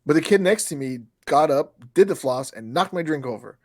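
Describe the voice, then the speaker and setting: Excited guy in his 30s on a podcast, swears a lot, pitch jumps around, dry close sound. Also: fairly quick, no echo. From Europe. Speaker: podcast co-host. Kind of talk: casual chat.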